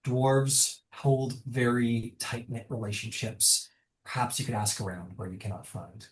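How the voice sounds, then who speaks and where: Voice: medium pitch, a little slow, echoey room. A game master narrating a tabletop game in a rambling way, full of fillers and self-corrections.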